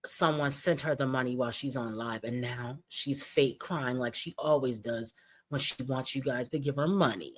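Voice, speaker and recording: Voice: mid-range voice, normal speed. A commentary host giving blunt, sarcastic, profane running commentary on another streamer's clips.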